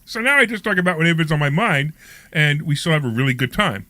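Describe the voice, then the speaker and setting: A man hosting a casual radio talk show, jokey and animated, pushing listeners to call in. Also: on the high side, fast talker, no room sound.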